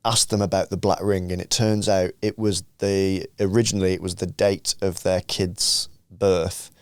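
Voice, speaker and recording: A laid-back host chatting about comedy gigs. His voice is fairly low, clear and resonant. The sound is close and dry. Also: flat delivery, moderate pace, dry recording. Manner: laid-back, rambling with many fillers. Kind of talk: casual podcast chat.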